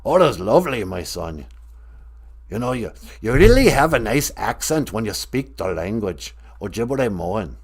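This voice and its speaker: A man voicing a kindly fatherly Great Spirit who gently encourages him as his son, as a comic aside on a live stream. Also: on the low side, big pitch swings, a little slow, slightly rough, full character voice. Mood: fond.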